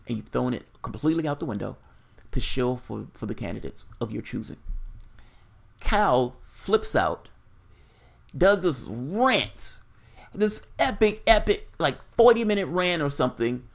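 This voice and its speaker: Gravelly-voiced blunt male stream host. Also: a little high. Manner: blunt, profane, rambling; answers chat messages by reading out usernames. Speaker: political commentary host reading viewer chat. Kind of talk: casual livestream commentary.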